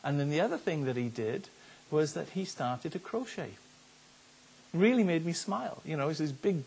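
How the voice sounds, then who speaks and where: A man's voice: a little high, expressive, moderate pace, vocal fry, a little mellow, husky. An older man, a pastor preaching a sermon in an earnest, conversational way, often repeating his words. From Wales.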